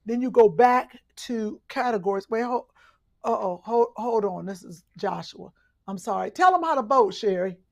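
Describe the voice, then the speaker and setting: A woman co-hosting a podcast in casual chat, playful and teasing, who breaks into sudden loud outbursts. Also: on the high side, expressive, moderate pace, creaky. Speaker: podcast co-host.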